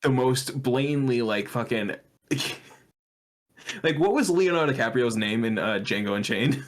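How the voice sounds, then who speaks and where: A male podcast co-host in loose, casual chat, with a mid-pitched voice. He swears a lot and keeps riffing between bits. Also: animated, moderate pace. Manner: profane, laughing, riffing on jokes.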